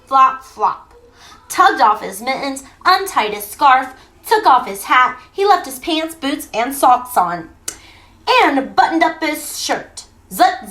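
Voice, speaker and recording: A woman teacher reading a picture book aloud to children, animated and playful, stretching out the sounds. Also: high voice.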